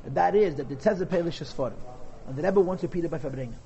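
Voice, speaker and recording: A man's voice: fairly high pitch, fast, warm tone, muffled recording, a little hiss or hum. A man telling a Hasidic story in a class, mixing in Yiddish and Hebrew words.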